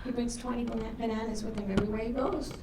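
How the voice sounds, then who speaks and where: A middle-aged woman performing a crude stand-up comedy set on a club stage, delivering brash deadpan punchlines. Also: fairly high pitch, racing, far from the mic, background noise. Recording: roomy club sound from afar, audience laughter.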